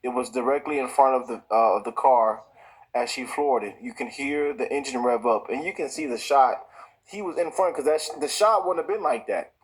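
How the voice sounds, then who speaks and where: A man's voice: mid-range voice, moderate pace, poor audio. A man, hosting his own show and ranting in heated, repetitive commentary full of restarts. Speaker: show host. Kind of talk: impassioned commentary.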